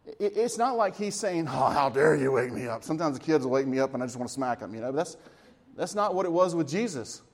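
A man preaching a sermon, swinging between lively emphasis and hushed, quiet moments, with chuckles between points. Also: fairly high pitch, fast talker. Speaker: pastor.

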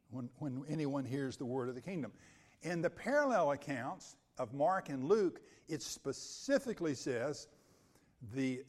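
Methodical preacher with a fairly high voice. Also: male voice. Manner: methodical, repeats key phrases for emphasis; occasional restarts when speaking off the cuff. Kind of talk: expository sermon with scripture reading.

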